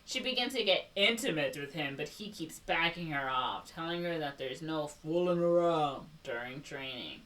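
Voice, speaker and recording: A woman with a Chicago accent reads a movie plot summary on a casual podcast. Her voice sits low but swings widely in pitch, and she cuts in with sarcastic remarks. She sounds a bit distant from the microphone. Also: expressive, normal speed, few pauses, fairly bright tone. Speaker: podcast co-host.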